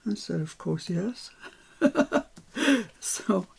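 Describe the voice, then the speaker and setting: An older woman talks viewers through a craft project in a relaxed, chatty way. Her voice is strongly gravelly, dark and a little husky. She throws in self-mocking asides as she works. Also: medium pitch, extremely slow. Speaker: craft tutor. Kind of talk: live craft demonstration.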